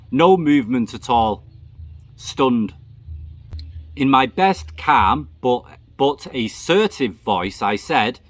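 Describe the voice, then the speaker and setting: A man and channel host reading a true story aloud in a steady, reflective storytelling manner. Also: mid-range voice, no echo.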